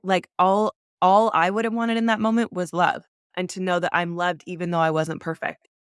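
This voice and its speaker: A woman's voice: fairly low pitch, level tone, normal speed, smooth, no room sound, clean studio sound. Podcast guest, woman, heartfelt and candid, filler-heavy casual speech, clean resonant tone. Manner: earnest and emotional, many "like" fillers. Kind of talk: candid conversational interview.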